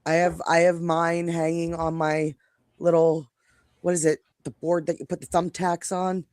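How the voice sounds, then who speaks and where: A woman with a New York accent chats through a live stream, her speech rambling and full of restarts. Her voice sits a little low for a woman. The sound is dry and close, with no room echo. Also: little pitch movement, normal speed, a little mellow. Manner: chatty, rambling, self-interrupting. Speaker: co-host. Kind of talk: casual live-stream chat.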